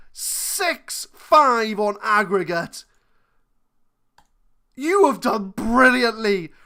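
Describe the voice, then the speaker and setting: A woman giving live commentary over her football management game. Her voice is fairly high and bright. She paces her words slowly and thinks aloud, swinging from quiet muttering to excited shouts. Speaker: gaming channel host.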